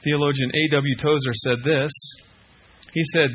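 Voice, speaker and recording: A man's voice: on the high side, steady tone, measured pace, fairly bright tone, breathy edge. A middle-aged man preaching a sermon, earnest, repeating key phrases and putting questions to the listeners. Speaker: pastor.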